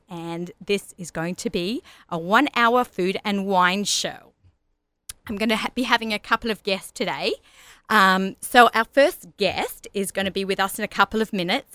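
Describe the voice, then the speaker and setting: A woman in her forties from Australia, her accent softened by years in America, hosting a radio show with chatty enthusiasm. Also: mid-range voice, clear, resonant tone, no room sound. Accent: Australian, softened by long US residence. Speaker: radio show host and personal chef. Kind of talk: solo radio show introduction.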